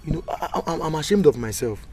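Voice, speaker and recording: A man's voice: on the high side, lively intonation, fast, darkish tone, soft background music. An actor with a Nigerian accent playing a nervous young man who stammers and panics. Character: nervous young man dodging his pregnant girlfriend. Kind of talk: film drama.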